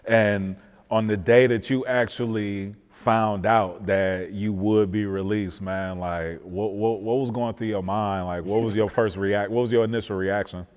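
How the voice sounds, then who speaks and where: A man interviewer asking relaxed questions and giving short affirmations. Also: on the low side, unhurried, in a large hall.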